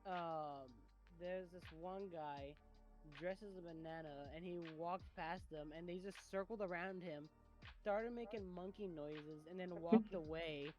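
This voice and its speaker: A young man chatting as a podcast co-host, drunk, excitable, swearing and laughing a lot. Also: sits high, measured pace, faint music behind. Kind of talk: casual chat.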